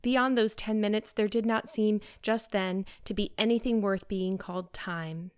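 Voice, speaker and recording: Female audiobook narrator, measured, expressive, mid-range voice. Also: mid-range voice, clean tone. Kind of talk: scripted narration.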